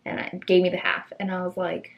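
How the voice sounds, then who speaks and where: A young woman vlogging, telling funny stories in a chatty, animated way and acting out the people in them. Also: fairly low pitch, brisk, muffled recording, a little hiss or hum. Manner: chatty, animated, acts out voices in quotes. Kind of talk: casual storytelling.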